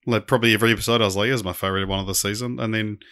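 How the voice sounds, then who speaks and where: A man's voice: fairly low pitch, fairly even intonation, rapid-fire, fairly bright tone. A man co-hosting a podcast, talking casually in a hesitant, self-correcting way. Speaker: podcast co-host. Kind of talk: casual chat.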